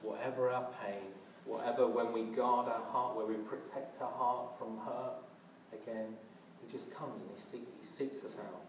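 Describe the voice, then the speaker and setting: A man's voice: medium pitch, steady tone, normal speed, hardly any pauses, noisy background. A man preaching a sermon earnestly, often restarting and using fillers. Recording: roomy, from a distance.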